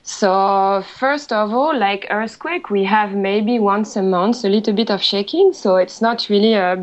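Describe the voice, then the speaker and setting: A woman with a French accent, a guest in a casual online chat, talking in halting English with fillers and a shy, apologetic manner. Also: medium pitch. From France. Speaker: podcast guest.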